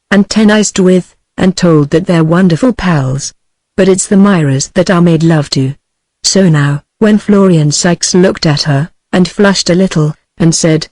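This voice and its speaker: A synthetic woman's voice with a British English accent, reading a novel aloud in a steady, even manner. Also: fairly low pitch, no echo. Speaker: audiobook narrator. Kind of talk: text-to-speech book reading.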